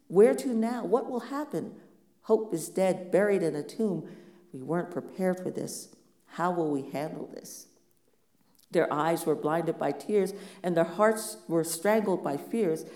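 A pastor preaching a sermon in a measured, reflective way, asking many rhetorical questions. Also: mid-range voice, mellow, reverberant.

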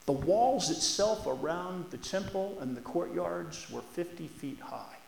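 A man preaching a sermon as a church elder, talking in a folksy, earnest and conversational way. His voice sits a little high for a man. The sound rings around a large, echoey church room. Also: expressive, unhurried, creaky, darkish tone, a little hiss or hum. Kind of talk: sermon with scripture reading. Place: church sanctuary.

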